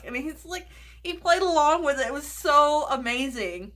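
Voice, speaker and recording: A woman's voice: high-pitched, animated, normal speed, fairly bright tone. A woman chatting casually in a makeup vlog, gushing over products, swearing freely and dropping into whispers. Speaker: beauty vlogger.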